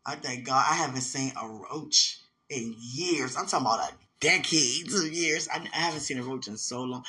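A man in ministry telling rambling personal stories in a casual, animated way. He laughs often and keeps asking "you understand?". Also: medium pitch, normal speed, hardly any pauses.

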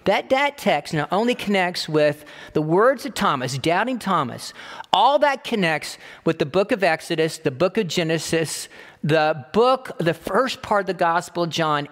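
A man preaching a sermon, emphatic and repetitive, slowing down to quote scripture. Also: a little high, a bit bright, long reverb tail. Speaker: pastor.

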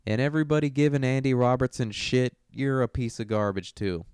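A man's voice: medium pitch, fairly even intonation, a little fast, a little mellow, smooth, no room sound, clean studio sound. A young man hosting a casual sports monologue, brash and profane, joking as he runs through results. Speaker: host.

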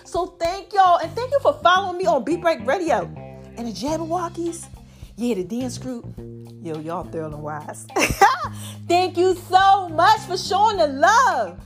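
A woman's voice: very high voice, moderate pace, faint music behind. A woman hosting a casual inspirational podcast, chatty and preachy, talking to her listeners and a bit out of breath. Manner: chatty, preachy, animated with lots of y'all and child. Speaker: podcast host.

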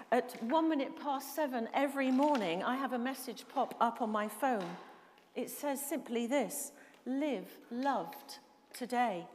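A woman preaching a sermon, measured and emphatic, putting questions to the congregation. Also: high voice, a little hiss or hum. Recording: reverberant hall.

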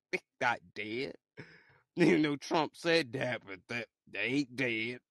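Excitable man rambling in a dry close-mic'd room. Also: no echo. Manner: rambling, excitable, swings between low mutters and loud outbursts. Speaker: podcaster. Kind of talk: casual solo monologue.

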